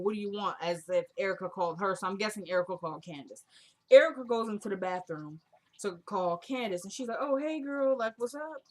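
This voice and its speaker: A woman casually recapping a TV drama episode, retelling the scenes and quoting the characters in a chatty, opinionated way. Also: mid-range voice.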